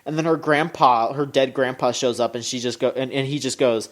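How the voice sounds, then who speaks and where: Podcast co-host, mid-range voice, excitable recap with swearing, remote call mic. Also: fairly quick, few pauses. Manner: animated and swearing, pitch jumping up when excited. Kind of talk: casual chat, recapping an anime episode.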